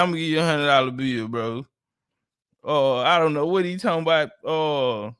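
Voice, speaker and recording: A man's voice: a little high, fairly bright tone, smooth, no echo, clean studio sound. A man from Texas, hosting a livestream and bantering with viewers in a joking, boastful, profane way. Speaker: livestream host. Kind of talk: casual livestream chat with viewers.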